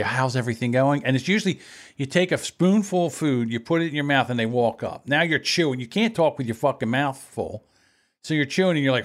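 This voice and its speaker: A man co-hosting a podcast, blunt and impatient, swearing as he chats casually. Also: medium pitch. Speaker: podcast co-host.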